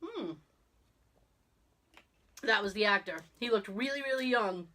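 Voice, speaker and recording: A woman hosting a podcast, telling a story in casual chat, animated and laughing often as she acts out quotes. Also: mid-range voice, unhurried. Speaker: podcast host.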